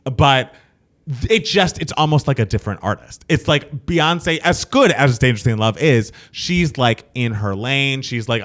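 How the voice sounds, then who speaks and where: Male podcast co-host, mid-pitched, enthusiastic and reminiscing, easygoing delivery. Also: animated, measured pace, a bit bright. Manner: enthusiastic, reminiscing fan talk. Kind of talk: casual chat.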